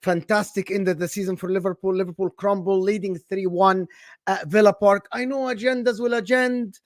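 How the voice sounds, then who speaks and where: A young man with an Egyptian accent hosting casual football talk, animated and sarcastic, slipping into Arabic phrases. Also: sits high, normal speed, no room sound, studio quality. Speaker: football channel host.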